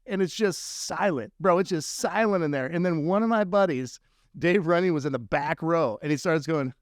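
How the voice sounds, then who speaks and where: A man hosting a podcast, telling a story in a lively, animated way with quick asides. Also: sits high, no room sound, studio quality. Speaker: podcast host. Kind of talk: casual storytelling chat.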